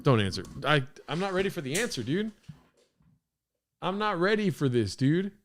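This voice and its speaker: A man hosting a podcast, reacting to a clip with crude, excitable, rambling commentary. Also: on the high side, moderate pace, slight background noise. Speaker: podcast host.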